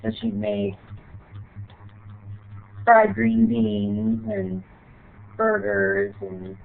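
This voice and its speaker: Gravelly woman telling a childhood story, tinny sound. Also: medium pitch, very animated, slight background noise. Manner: halting short phrases with frequent restarts.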